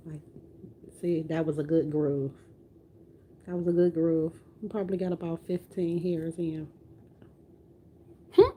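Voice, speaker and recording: Low-voiced woman with a country twang. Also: steady tone, unhurried, pauses often, dark tone, slight background noise. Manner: chatty, talks while rooting doll hair. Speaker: reborn doll artist. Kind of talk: casual livestream chat while working.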